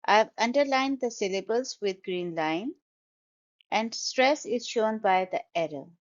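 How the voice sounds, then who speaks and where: A woman teaching English vocabulary at an unhurried pace, sounding out each word syllable by syllable. Her voice sits in a middle pitch, and the recording is slightly dull and lo-fi. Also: lively intonation. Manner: slow, careful, syllable-by-syllable pronunciation. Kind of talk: pronunciation lesson.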